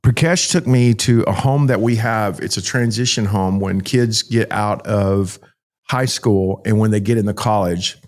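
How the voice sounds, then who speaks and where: Middle-aged pastor telling a vivid story. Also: male voice, fairly low pitch, a little mellow. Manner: vivid, acts out dialogue, repeats himself. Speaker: pastor, podcast guest. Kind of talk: emotional storytelling in conversation.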